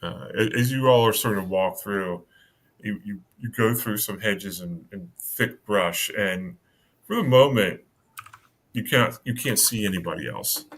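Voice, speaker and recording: A man narrating a tabletop game as game master, halting, with many fillers and restarts. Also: on the low side, fairly bright tone, breathy edge.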